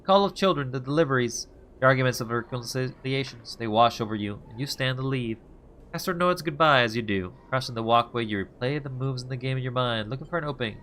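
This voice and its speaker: A man's voice: mid-range voice, quick pace, fairly bright tone, slight background noise. Offhand male game streamer. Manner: musing, offhand. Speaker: let's play streamer. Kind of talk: reading game text and casual commentary.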